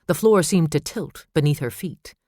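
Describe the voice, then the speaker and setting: A man narrating a suspense novel in steady, measured storytelling. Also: a little high, dry recording, studio quality. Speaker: audiobook narrator. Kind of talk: scripted narration.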